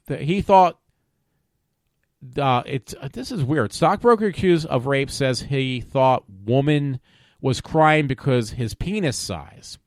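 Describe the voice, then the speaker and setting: A man's voice: fairly high pitch, dry recording, clean studio sound. Rambling profane man reading news. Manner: rambling, stumbling over words while reading aloud; profane and opinionated. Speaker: podcast host. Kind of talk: casual commentary reading news stories.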